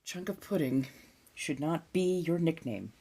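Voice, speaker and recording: A woman with a Californian accent, chatting casually on a live stream, laid-back and swearing freely, now and then dropping into soft whispers. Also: low voice, expressive, a little slow, husky. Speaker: ASMR streamer.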